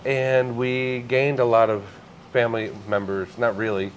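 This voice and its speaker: A man, a psychic medium, telling stories in a relaxed podcast conversation, earnest and sometimes emotional. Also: medium pitch, measured pace, slight background noise. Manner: storytelling, earnest, gets emotional.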